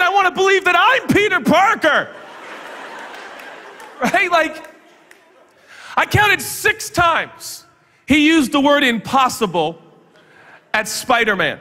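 A man preaching a sermon as a guest pastor, telling stories in an animated way with jokes and quick asides. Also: extremely high pitch, some chatter behind. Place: large church auditorium. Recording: long reverb of a big church hall.

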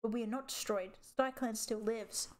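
Storybook role: stern female cat leader, curt and sharp, read by a woman. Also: a little high, a little fast, lightly acted. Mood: defiant. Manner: curt, sharp, controlled anger.

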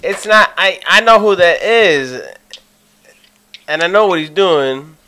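A man's voice: sits high, animated, takes it slowly, sharp tone, clear, resonant tone. A man co-hosting a podcast, bantering in a crude, joking way. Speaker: podcast co-host. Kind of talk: casual banter.

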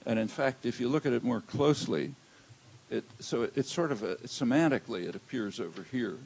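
An older man giving an academic lecture in a lecture hall, measured and halting, with many "uh" fillers. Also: mid-range voice, vocal fry, darkish tone, husky. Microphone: handheld or lectern mic.

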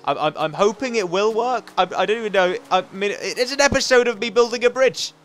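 A man's voice: high-pitched, a little fast, soft background music. A young man hosting a game playthrough, chatty and rambling, often restarting sentences and cheering on the game character. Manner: chatty and rambling, with frequent self-corrections; excitable, coaxing the game character aloud. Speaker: gaming channel host. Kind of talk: let's play commentary.

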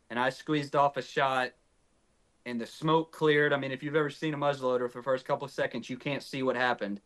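A young man from north Texas, a podcast guest, telling a story in casual chat and acting out the quoted dialogue. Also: a little high. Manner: animated, acts out quoted dialogue.

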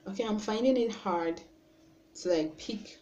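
A young woman with a Nigerian accent chatting through a makeup tutorial at home, self-conscious and often trailing off softly. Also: medium pitch, unhurried, dull audio. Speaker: beauty vlogger. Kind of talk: casual makeup tutorial chat. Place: room at home. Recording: roomy with faint background noise.

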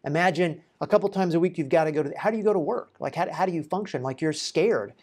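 A chiropractor talking through a patient's case in an informal, conversational way, asking rhetorical questions and pausing on fillers. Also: male voice, on the high side, darkish tone. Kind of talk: informal educational talk to camera.

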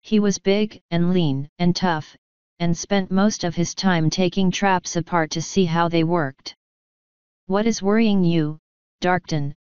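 A woman narrating an audiobook in a measured, even storytelling manner. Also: on the low side, clear, resonant tone, dry recording, dull audio. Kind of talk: scripted narration.

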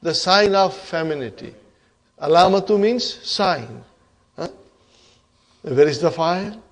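A man leads a grammar lesson in a classroom, speaking at a slow, deliberate pace in a slightly raised voice. He keeps turning to the students with quick questions and checks that they are following. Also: sits high, lively intonation. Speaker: Arabic teacher.

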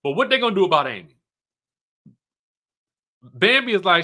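Bright, chatty man recapping reality TV. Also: sits high, moderate pace. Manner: chatty and animated, acts out cast members' lines. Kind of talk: casual episode recap.

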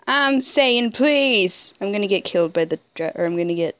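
A young woman commenting on her own online game play, muttering in frustration and breaking into high squealing shouts. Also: dry recording. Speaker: gamer playing an online wolf game. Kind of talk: casual gameplay commentary.

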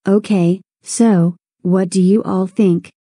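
A woman's voice: mid-range voice, fairly even intonation, takes it slowly, mellow, slightly rough. A woman voicing a sweet, cheerful young cartoon girl.

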